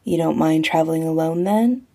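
A woman voicing a gentle, wary young man speaking quietly to his partner. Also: low-pitched, moderate pace, gravelly. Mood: gentle dry.

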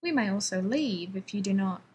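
A woman's voice: medium pitch, lively intonation, slight background noise, natural voice. Woman doing a formal, unflappable alien diplomat woman. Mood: reasonable. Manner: formal, measured, maddeningly reasonable.

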